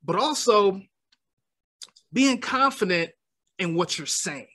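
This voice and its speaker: A man with a voice that sits high appears as a guest in a podcast interview, speaking as a motivational speaker. He explains things in a calm, measured way, often checking in with "right?".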